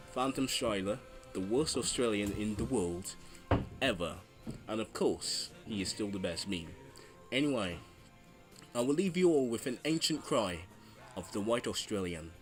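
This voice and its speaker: Low-voiced man narrating with faint music. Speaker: YouTube history narrator. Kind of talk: read history narration and casual outro.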